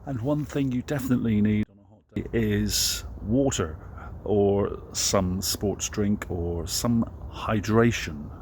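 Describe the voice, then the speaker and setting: Slow British man teaching vocabulary. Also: fairly low pitch, darkish tone, a little hiss or hum. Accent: British English. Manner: halting, many fillers, clear simple phrases. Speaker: English teacher. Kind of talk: slow spoken vocabulary lesson with commentary. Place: outdoors at a running track.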